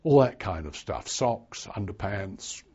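An older man looks back in an oral history interview, unhurried and wry. His low voice is gravelly and a little husky. The recording sounds dull and lo-fi. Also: expressive, a little mellow. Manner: slow, wry storytelling.

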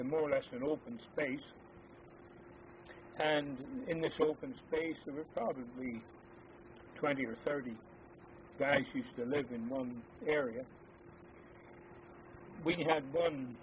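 An older man, an army veteran, recalling his service days in a halting, hesitant way full of fillers. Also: mid-range voice. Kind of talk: oral history reminiscence. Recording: tinny phone-like lo-fi with faint hiss.

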